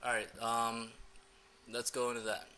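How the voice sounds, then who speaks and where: Bright-toned, flat young man. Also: mid-range voice, moderate pace, slight background noise. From United States. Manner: loose and filler-heavy, with chuckles. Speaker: dating coach. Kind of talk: casual screen-recording walkthrough.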